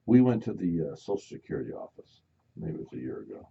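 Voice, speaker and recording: A man hosting a live radio talk show, telling stories in a casual, animated way and acting out the voices of the people in them. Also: a bass voice, fast talker, creaky, husky. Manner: animated storyteller, acts out loud voices. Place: radio studio. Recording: dull lo-fi radio broadcast.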